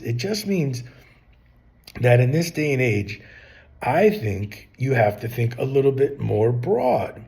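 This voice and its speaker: Middle-aged man, mellow warm tone, casual advice monologue, rambling, rhetorical questions. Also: mid-range voice. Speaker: channel host giving business advice.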